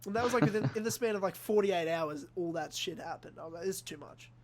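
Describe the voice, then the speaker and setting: Young aussie guy, high voice, animated storytelling, swears a lot, acts out what people said. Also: fast. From Australia. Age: young adult. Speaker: podcast host. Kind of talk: casual chat.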